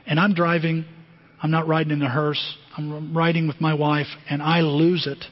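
A middle-aged man preaching a sermon as pastor, animated and conversational, often asking the congregation questions. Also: on the high side, normal speed. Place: church sanctuary. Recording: dull, muffled sermon recording with long hall reverb.

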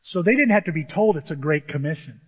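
A male pastor preaching a sermon to his church, animated and emotional, often jumping into excited high exclamations. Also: fast, breathy edge. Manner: self-described emotional. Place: church sanctuary with a screen. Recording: dull, long hall reverb.

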